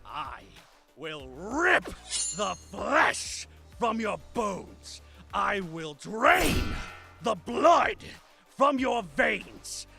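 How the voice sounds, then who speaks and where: A bloodthirsty berserker warrior in a video game, snarling menacing threats through a deeply gravelly, crackling voice. Every word is dragged out slowly and leaned on hard, and the sharp, bright edge of the voice cuts through. It sits in a dry, close space. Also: male voice, sing-song, faint music behind, full character voice. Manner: menacing threats with deliberate drawn-out emphasis. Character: blood-soaked raging male berserker warrior. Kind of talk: voice acting workshop recording.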